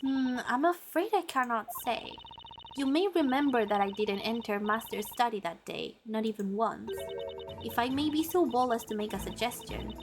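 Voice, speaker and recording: A woman's voice: a little high, expressive, normal speed, lightly acted. A woman voicing a composed, formally polite female servant. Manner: formal, courteous. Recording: game music playing behind.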